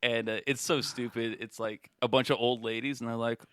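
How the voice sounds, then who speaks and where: A man's voice: mid-range voice, flat delivery, a little fast, fairly bright tone, clear, resonant tone. Joking podcast guy with crude humor. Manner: crude, joking, tumbling words. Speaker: podcast co-host. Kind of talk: casual comedic chat. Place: podcast studio.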